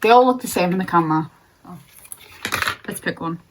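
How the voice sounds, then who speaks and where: A woman's voice: fairly low pitch, lively intonation, fairly quick, low-quality recording. A young woman vlogger ranting bluntly and sarcastically while doing her makeup in casual chat. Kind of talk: get-ready-with-me ranting chat.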